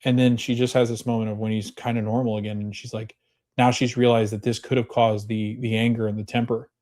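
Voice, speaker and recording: A man hosting a podcast, casually recapping a TV episode and retelling scenes as quoted dialogue, his voice jumping up when he gets excited. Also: medium pitch, a little fast. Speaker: podcast host.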